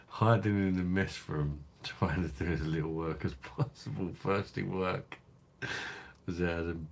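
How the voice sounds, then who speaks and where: Crude, low-voiced man chatting. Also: slow pace, creaky, darkish tone, slightly rough. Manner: laughing, crude banter with chat. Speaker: live stream host. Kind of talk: casual live stream chat.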